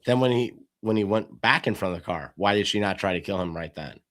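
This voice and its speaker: A man's voice: sits low, fast. A man hosting a casual podcast discussion, telling stories animatedly and acting out quoted lines. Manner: animated storytelling, acts out quotes. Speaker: podcast host.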